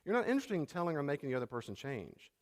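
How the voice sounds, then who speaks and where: A man's voice: fairly high pitch, very animated, very fast, in a large hall. A middle-aged man preaching a sermon as a pastor, talking conversationally and repeating key phrases.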